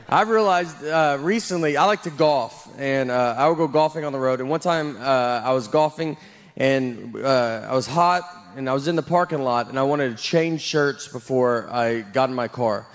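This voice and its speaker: A man from Nashville doing a stand-up set, deadpan and rambling, with many fillers and restarts. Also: medium pitch, moderate pace. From Nashville, Tennessee. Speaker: stand-up comedian.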